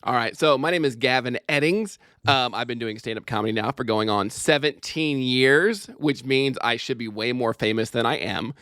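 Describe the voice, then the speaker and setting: Dude in his 30s cracking jokes on a podcast call, swears a bit, real clean smooth voice. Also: medium pitch, fairly bright tone, dry recording, clean studio sound. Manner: jokey, sweary, quick asides. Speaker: podcast guest, stand-up comedian. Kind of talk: casual podcast chat. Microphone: remote call microphone.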